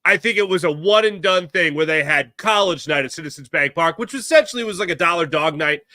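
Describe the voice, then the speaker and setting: A man hosting a solo sports talk show, ranting in an animated way and putting on voices for the people he quotes. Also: fairly high pitch, a little fast, dry recording, clean studio sound. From Philadelphia area.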